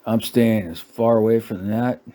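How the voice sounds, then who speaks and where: A man's voice: on the low side, fairly even intonation, measured pace, warm tone. A middle-aged man ranting sarcastically about a menu, cursing and laughing at his own jokes. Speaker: channel host. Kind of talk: casual ranting commentary.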